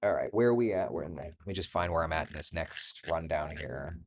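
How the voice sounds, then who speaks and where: A man's voice: very deep voice, lively intonation, a little fast. A man hosting a casual morning chat, reading out and reacting to viewer comments by name, with laughs along the way. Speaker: host.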